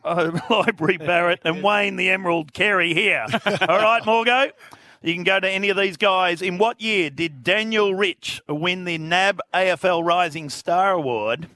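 A man's voice: high-pitched, normal speed, bright, forceful tone, dry recording, studio quality. An Australian man hosting a jokey radio quiz, laughing often and playing with his co-hosts. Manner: laughing, playful. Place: radio studio.

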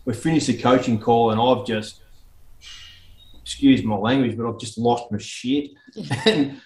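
An Australian man who owns an auto repair shop speaks as a guest in a candid interview, frank and earthy, restarting his sentences often. His mid-range voice is darkish and a little slow, and the room is echoey.

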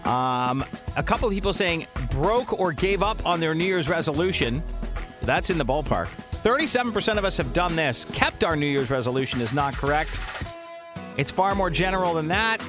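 A man's voice: fairly high pitch, lively intonation, normal speed, music in the background. A man co-hosting a morning radio show, chatting casually, laughing often and reading out listener texts.

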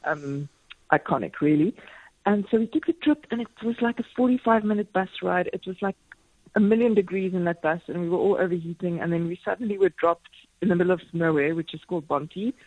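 A woman in her forties, a radio guest telling stories in a lively, self-deprecating way, laughing often. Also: lowish voice, a little fast, no echo, lo-fi sound. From South Africa. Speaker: marathon swimmer and speaker, radio guest. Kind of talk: casual radio interview chat. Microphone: phone line into radio studio.

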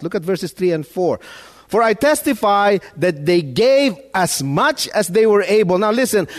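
A pastor preaching a sermon with emphasis, often restarting his words and swinging between loud and quiet. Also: on the high side. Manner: emphatic, repeats words, rises and falls in loudness.

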